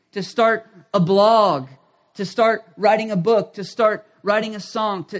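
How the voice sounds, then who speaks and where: High-voiced man preaching a lively sermon. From United States. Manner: animated, acts out quoted voices, rises to near shouts. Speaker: pastor.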